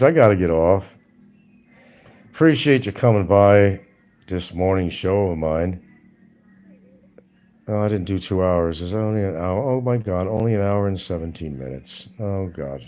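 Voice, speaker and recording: A man's voice: sits low, darkish tone. A man hosting a live stream, talking casually in a blunt, mocking way to his viewers. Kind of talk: casual livestream monologue.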